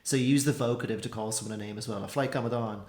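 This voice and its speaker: A man's voice: on the low side, fairly even intonation, very fast, darkish tone. A man, explaining phrases in a casual, chatty lesson full of fillers. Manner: chatty, loose, lots of fillers. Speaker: language teacher. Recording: roomy echo.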